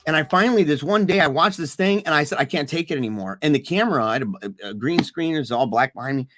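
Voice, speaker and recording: Earnest, animated man podcaster. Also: a little high, quick pace, noisy background. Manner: animated, earnest, laughs often, repeats words. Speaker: podcast co-host. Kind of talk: casual podcast conversation.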